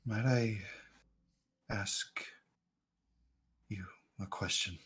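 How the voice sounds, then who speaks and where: Blind old man, hushed murmur, halting, wary, voiced by a man. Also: lowish voice, steady tone, slightly rough, exaggerated voice. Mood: wary, quiet.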